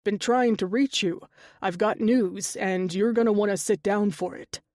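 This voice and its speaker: A woman voicing a wry, easygoing male shaman with a gravelly edge, speaking in a teasing, reassuring way in an audiobook. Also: medium pitch, unhurried, darkish tone, no echo, clean studio sound, close to an everyday voice. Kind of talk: audiobook character dialogue.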